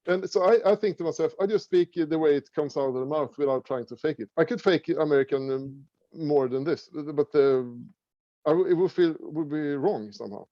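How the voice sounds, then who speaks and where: A middle-aged man from Sweden with a Swedish accent, talking casually as an interview guest, halting with many fillers and restarts. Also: on the high side, dark tone, no echo, lo-fi sound. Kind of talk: casual conversation.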